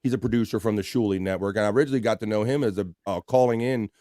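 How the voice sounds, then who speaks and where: A man's voice: fairly low pitch, racing, dark tone, dry recording, clean studio sound. A man hosting a livestream in a casual, laid-back chat, reading out viewer comments and swearing freely. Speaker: livestream host.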